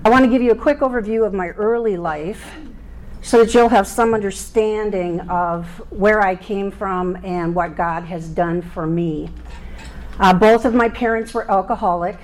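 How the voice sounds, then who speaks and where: Middle-aged woman, plain earnest testimony voice, medium pitch. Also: darkish tone, slight background noise, low-quality recording. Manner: earnest, plain storytelling with prayer. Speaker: guest giving her testimony. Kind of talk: personal faith testimony.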